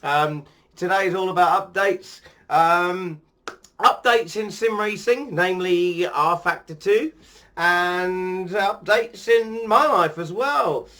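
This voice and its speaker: A man's voice: sits high, takes it slowly, pushed and bright. Chatty, rambling man vlogging. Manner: rambling, many ums and restarts. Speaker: sim racing YouTuber. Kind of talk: casual vlog chat.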